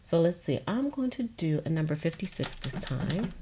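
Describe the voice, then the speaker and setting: A woman with a low, very animated voice chats casually with viewers at a moderate pace during a crafting livestream, laughing often and calling them "y'all." She's a junk journal crafter making pieces at a sewing machine, and the machine running makes the background noisy.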